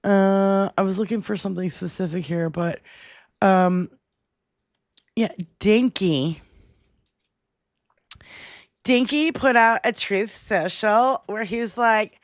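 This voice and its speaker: A woman's voice: medium pitch, slow, pauses often, dry recording, clean studio sound. A woman co-hosting a casual political livestream, blunt and exasperated, swearing freely. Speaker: livestream co-host.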